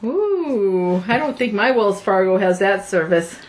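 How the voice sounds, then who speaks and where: A woman's voice: medium pitch, normal speed, slight background noise. Curious, skeptical woman co-host. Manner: curious, skeptical questions, laughs easily. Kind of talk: casual banter.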